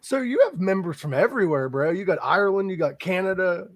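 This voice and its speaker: A man hosts a casual podcast, his voice a little on the high side and recorded dry and close. He asks questions and teases his guest with jokes. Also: expressive, dry recording. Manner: joking, quick questions. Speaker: podcast host. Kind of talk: casual chat.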